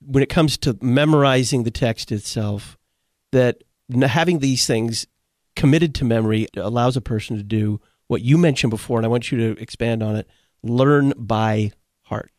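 A radio host from Texas leads a talk on theology. He shapes his questions with a steady, deliberate pace, and his voice is close and dry, with no room around it. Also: medium pitch, no echo.

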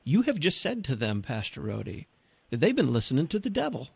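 A man's voice: medium pitch, huge pitch swings, fairly quick, creaky, breathy edge, dry recording. Probing male radio host, dry sound. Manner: probing, presses the guest on his claims. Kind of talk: radio interview.

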